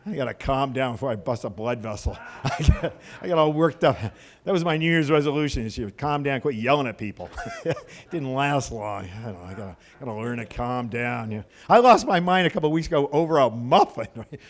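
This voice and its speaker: A man performing a stand-up comedy set on a club stage, ranting loudly and with exasperation, swearing freely, into a handheld mic. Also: medium pitch, expressive, fairly quick. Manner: loud, exasperated ranting with profanity.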